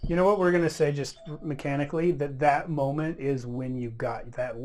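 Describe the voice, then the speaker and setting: A man acting as game master for a tabletop game, with a voice sitting a little higher than most men's. He speaks in a musing, hesitant way, often stopping to rephrase. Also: steady tone, normal speed, a little mellow.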